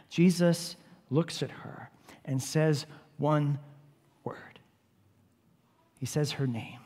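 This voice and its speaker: A man with a fairly high voice delivers a storytelling sermon, pressing his listeners again and again to picture the scene. His voice echoes with a long reverb, as in a large hall. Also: very slow, pauses often, a little mellow, slightly rough. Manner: vivid storytelling, urging listeners to imagine. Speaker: preacher.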